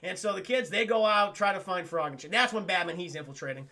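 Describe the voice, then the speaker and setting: A man hosting a live stream, retelling a cartoon episode to his chat in a rambling, profane, animated way. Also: high-pitched, quick pace. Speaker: livestream host reviewing cartoons. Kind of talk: casual streamed recap with chat.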